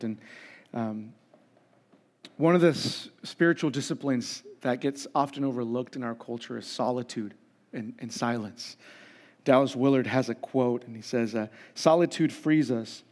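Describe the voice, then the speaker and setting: A pastor preaching a sermon in a conversational, humorous way, acting out the voices of the people in the story. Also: male voice, mid-range voice, normal speed, a little mellow. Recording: long reverb of a large hall.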